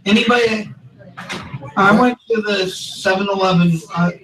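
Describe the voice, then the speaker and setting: A man's voice: high-pitched, a little slow, far from the mic, noisy background. A young man with a lisp performing an amateur stand-up set, recorded in a bar. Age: young adult. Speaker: stand-up comedian in a played clip. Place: bar or gas station stage. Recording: roomy clip with crowd behind. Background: crowd.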